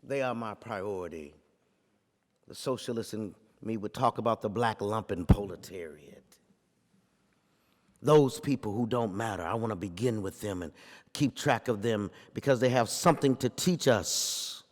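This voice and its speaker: A man's voice: fairly low pitch, normal speed. Preaching man in a reverberant hall. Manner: rhetorical, repeats phrases for emphasis, builds to forceful peaks. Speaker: pastor giving a talk. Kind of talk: speech with storytelling in a preaching cadence.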